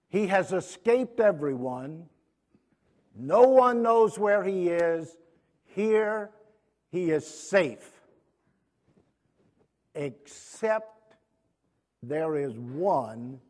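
A man preaching a sermon to his congregation, pausing often, restarting phrases and clearing his throat. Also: a little high, darkish tone. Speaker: pastor.

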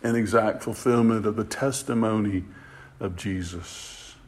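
Slow, impassioned male preacher. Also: steady tone, darkish tone. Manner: impassioned, rising in pitch and volume for emphasis, repeats words. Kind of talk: sermon.

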